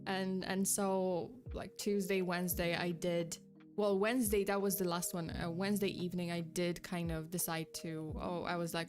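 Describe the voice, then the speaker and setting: A young woman tells a story on a livestream in a loose, rambling chat, full of fillers and restarts. She sounds slightly out of breath, and faint music plays softly behind her. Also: fairly low pitch, little pitch movement, normal speed. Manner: chatty, rambling, with frequent fillers and restarts, breaking off to thank chat. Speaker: VTuber streamer.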